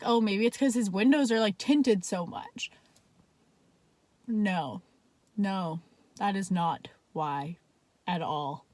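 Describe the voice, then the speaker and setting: A young Canadian woman vlogger, her voice mid-range and recorded without echo, tells a story in a casual, chatty way. She swears often and fills her talk with "like."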